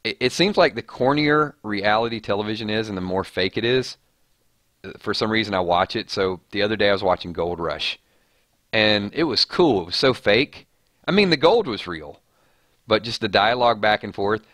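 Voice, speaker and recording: Male stream host, lowish voice, chatty and joking, dry close sound. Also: animated, moderate pace, fairly bright tone, no room sound. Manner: chatty, joking, reading viewer comments. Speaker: livestream host. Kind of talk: casual chat.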